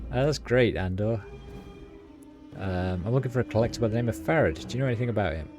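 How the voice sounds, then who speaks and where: With long pauses, this lowish-voiced streamer reads a game's dialogue and narration at a moderate pace. He keeps every part in his own plain, casual voice, dropping ums and uhs as music plays in the background.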